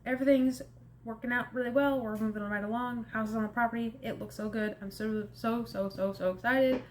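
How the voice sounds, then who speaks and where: A woman's voice: fairly high pitch, steady tone, fairly quick, slight background noise. A woman chatting through a casual home update vlog, rambling and a bit exasperated. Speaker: vlogger.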